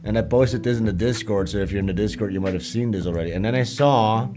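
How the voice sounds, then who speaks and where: A man's voice: on the low side, fast. A man hosting a livestream, chatting casually and joking as he watches a film, with music playing behind him. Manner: joking, irreverent, swears freely, laughs at what he watches. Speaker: livestream host.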